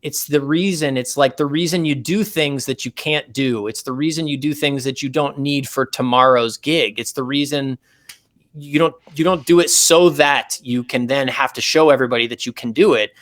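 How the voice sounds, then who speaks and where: Animated storytelling man in interview. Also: medium pitch, moderate pace. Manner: explains technical ideas step by step. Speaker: guest saxophonist.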